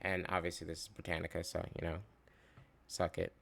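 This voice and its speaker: A man's voice: low voice, completely flat delivery, a little fast, gravelly. A man giving casual, rambling commentary, swearing often as he rants while reacting to a video. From United States. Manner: profane, rambling, fired up.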